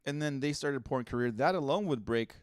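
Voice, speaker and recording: A man's voice: mid-range voice, a little fast, clear, resonant tone, no room sound, studio quality. A man co-hosting a comedy podcast, reading out listener posts and riffing bluntly with lots of fillers and swearing. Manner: blunt, profane, filler-heavy. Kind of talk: casual comedic chat.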